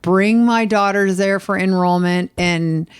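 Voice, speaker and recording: A woman's voice: mid-range voice, measured pace, smooth. A middle-aged woman co-hosting a podcast, telling a story in casual chat and acting out the voices of the people in it. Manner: animated storyteller, acts out quoted voices. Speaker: podcast co-host.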